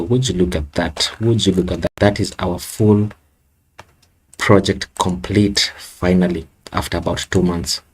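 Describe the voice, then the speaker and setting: Low-voiced man thinking aloud while coding. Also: slight background noise. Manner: thinks aloud, casual, self-correcting. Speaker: coding tutorial host. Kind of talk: screen-recorded coding walkthrough.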